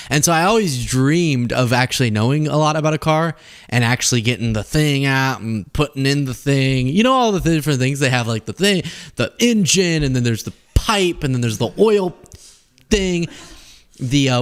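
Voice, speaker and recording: Young male host, casual and jokey, very lively pitch, breaks into laughter and goofy voices. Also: clean tone. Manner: animated, laughs often, slips into mock voices. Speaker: host of a political commentary live stream. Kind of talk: casual, joking live-stream talk.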